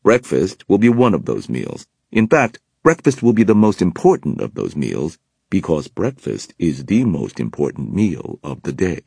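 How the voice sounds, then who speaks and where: A man reading as a grand male warlock from a storybook, emphatic about his meals. The voice is very deep and husky. It is recorded dry and close. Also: big pitch swings, normal speed, darkish tone, dry recording, exaggerated voice. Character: flamboyant food-loving male warlock.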